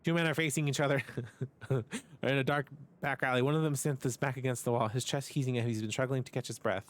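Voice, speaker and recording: A man streaming live, reading a game's story text aloud in a casual way and breaking off for quick asides to his chat. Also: mid-range voice, steady tone.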